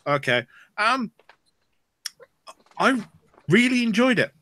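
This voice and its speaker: A man's voice: sits high, very animated, slow pace, very noisy. A man hosting a podcast, chatting casually and thinking aloud as he talks. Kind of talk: casual chat.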